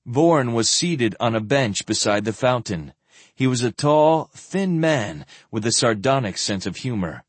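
A man narrating a fantasy novel as an audiobook, with expressive, varied delivery close to the microphone. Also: medium pitch, unhurried, husky, no echo.

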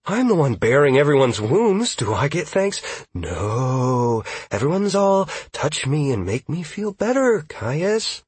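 A man reading an audiobook voices a put-upon young male fighter who complains and stammers, in a husky voice. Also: fairly high pitch, a little slow, darkish tone, dry recording, pitched above the performer's own voice. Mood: complaining.

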